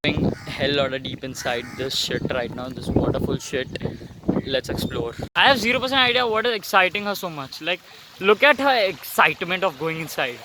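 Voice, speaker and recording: A young man with an Indian English accent, vlogging outdoors while riding a bicycle through flooded streets, excitable and swearing a lot. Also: a little high, normal speed, noisy background. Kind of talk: casual vlog commentary.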